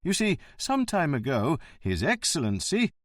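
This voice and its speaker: A man's voice: fairly high pitch, huge pitch swings, measured pace, no echo, studio quality, voice pushed up. A man voicing a polite, officious middle-aged government official explaining himself at length.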